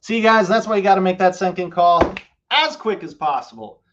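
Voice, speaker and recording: A man hosting a live real estate show, talking a seller through a deal and then coaching viewers in an energetic, explanatory way. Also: sits high, fairly quick, muffled recording, background noise. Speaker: real estate investor host. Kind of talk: live stream phone call and coaching.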